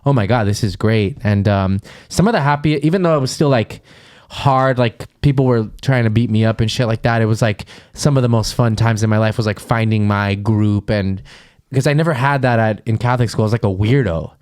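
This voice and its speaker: A man's voice: fairly low pitch, fairly quick, darkish tone, smooth. A man from the Los Angeles area, co-hosting a podcast and telling a candid, rambling story full of fillers. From Los Angeles area, USA. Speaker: podcast co-host. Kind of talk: casual chat.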